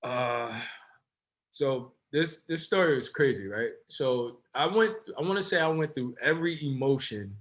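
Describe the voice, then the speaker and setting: A man in his thirties from New Jersey, a former football player telling a story as a guest in a casual, animated, slang-filled way. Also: mid-range voice, a little slow. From Essex County, New Jersey. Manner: animated, rambling with slang and self-corrections.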